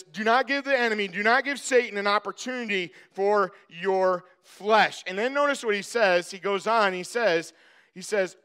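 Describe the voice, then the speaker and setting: A pastor preaching a sermon in a high, bright, ringing voice that stays smooth and clear. He addresses his congregation directly and hammers his points home by repeating them. The delivery is emphatic and earnest.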